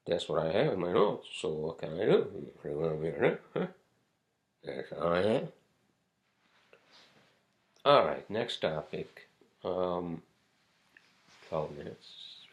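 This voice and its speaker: A man's voice: deep voice, gravelly. A man hosting a casual solo podcast, rambling from topic to topic with frequent swearing and fillers. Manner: rambling, profane, many fillers and asides. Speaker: podcast host.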